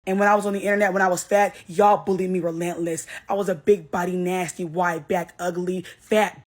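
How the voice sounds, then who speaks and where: A woman's voice: mid-range voice, flat delivery, quick pace. Brash, blunt young woman ranting to camera. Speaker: social media creator. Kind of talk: selfie video rant.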